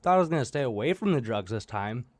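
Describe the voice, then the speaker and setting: A man's voice: medium pitch, lively intonation, fast, no echo. A young man telling his recovery story bluntly, swearing often and laughing at himself. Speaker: guest sharing recovery story. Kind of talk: candid storytelling.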